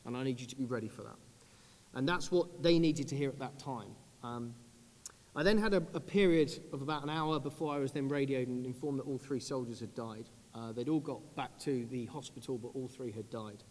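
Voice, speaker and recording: A British man in his thirties, an army officer speaking on a conference panel, earnest and measured, going low and quiet on grave points. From United Kingdom. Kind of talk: panel talk. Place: large conference hall. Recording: long hall reverb.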